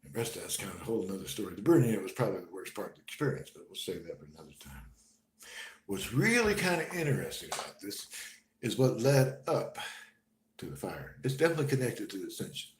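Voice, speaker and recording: Low-voiced man telling a story in a roomy space. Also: sing-song. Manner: halting, conversational, drops to a murmur then bursts loud. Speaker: storyteller recounting his own experience. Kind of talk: spoken personal story. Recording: roomy room with faint noise.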